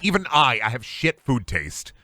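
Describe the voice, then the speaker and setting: A man's voice: mid-range voice, big pitch swings, normal speed, pushed and bright, no room sound. A man streaming a game, chatting casually and ranting in a joking way with a lot of swearing. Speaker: gaming streamer. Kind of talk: casual live-stream chat.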